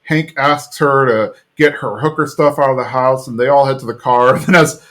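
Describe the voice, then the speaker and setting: A man hosting a podcast, recapping an episode in an animated, chatty way full of "like". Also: mid-range voice, normal speed. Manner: animated storyteller, fillers like "like". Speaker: podcast host.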